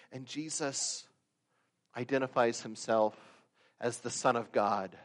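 A man preaching a sermon, swinging from loud emphatic peaks to quiet asides and acting out the stories he tells. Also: medium pitch, normal speed. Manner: acts out quoted voices and stories. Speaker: pastor.

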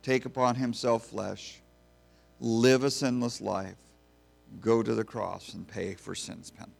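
Slow-speaking male preacher. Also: mid-range voice, fairly even intonation, gravelly. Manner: folksy, storytelling preacher. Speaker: pastor. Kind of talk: sermon.

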